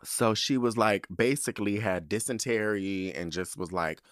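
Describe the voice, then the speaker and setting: A young man talks casually on his podcast in a lowish voice. He is sassy and animated, swears freely, and the recording is dry with no room sound. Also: normal speed, clean tone, no echo. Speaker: podcast host. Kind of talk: casual chat.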